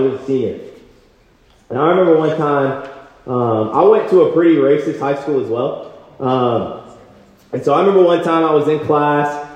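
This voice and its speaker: A young man preaches with passion and swings between loud bursts and low, quiet endings. His somewhat high voice rings through a large echoing hall. The sound is a little dull. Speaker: campus retreat speaker. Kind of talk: sermon with personal story.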